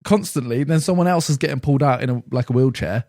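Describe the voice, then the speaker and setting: A man's voice: medium pitch, fast talker, dry recording, studio quality. A young man on a podcast telling a rambling anecdote in casual chat, acting out what people said. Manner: animated anecdote telling, acts out quotes. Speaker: podcast co-host.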